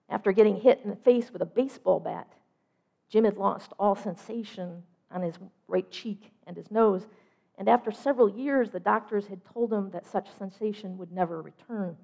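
A middle-aged woman giving a measured, reflective sermon, trailing off softly at the ends of phrases. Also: mid-range voice, gravelly. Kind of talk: sermon storytelling.

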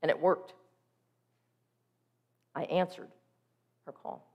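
A woman preacher delivering a sermon, telling a personal story in a vivid, expressive way. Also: low-pitched, slow pace, muffled recording.

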